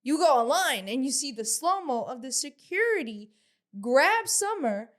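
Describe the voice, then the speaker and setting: A woman with a fairly high voice, chatting bluntly on a casual podcast. She swears and often restarts her sentences as she recaps the show. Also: big pitch swings, normal speed. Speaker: podcast co-host. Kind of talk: casual reality-TV recap chat.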